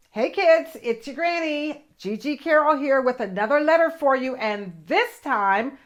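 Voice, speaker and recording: High-voiced older woman teaching kids. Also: a bit bright. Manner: enthusiastic, exaggerated, slow demonstrative. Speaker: children's show host and teacher. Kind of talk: children's lesson.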